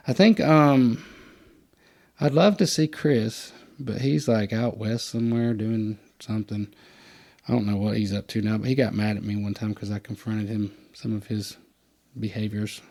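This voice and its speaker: A man, hosting a podcast and telling stories in a casual, animated way, putting on higher voices for the people he quotes. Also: moderate pace. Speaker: podcast host. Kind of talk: casual storytelling chat.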